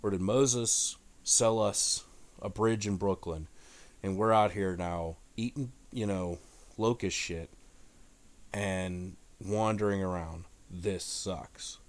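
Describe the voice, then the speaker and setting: A man voicing a crowd of fed-up desert wanderers, grumbling in a lower, quieter voice. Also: a little fast, close to an everyday voice.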